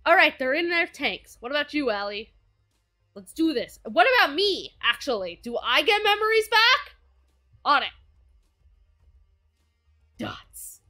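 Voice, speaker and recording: A young woman streaming a game, reading its dialogue aloud and reacting with excitable, profane outbursts. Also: sits high, unhurried, long pauses, soft background music.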